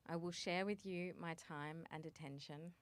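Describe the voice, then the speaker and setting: A woman reading her wedding vows as the bride, softly, holding back tears. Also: deep voice, steady tone, moderate pace. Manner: soft, fighting tears.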